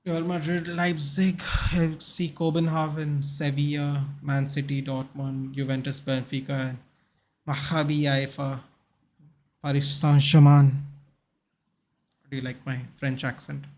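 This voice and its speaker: A man's voice: mid-range voice, monotone, moderate pace, few pauses, slight background noise. A young man hosting a live football watchalong stream, chatting casually, answering viewers in the chat and reading out names and match stats.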